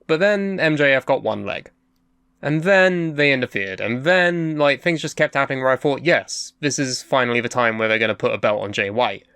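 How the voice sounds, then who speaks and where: A man's voice: medium pitch, lively intonation, normal speed, fairly bright tone, clean tone, dry recording. A man co-hosting a casual podcast chat, blunt and sarcastic. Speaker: podcast co-host.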